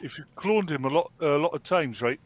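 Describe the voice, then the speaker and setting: A man from Britain chatting casually while gaming online, teasing the others and telling jokes with halting restarts. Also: fairly high pitch, lively intonation.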